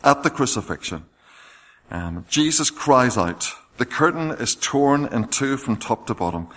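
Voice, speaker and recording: A man's voice: medium pitch, lively intonation, unhurried, fairly bright tone. A man preaching a sermon, reading scripture passages aloud with rising emphasis.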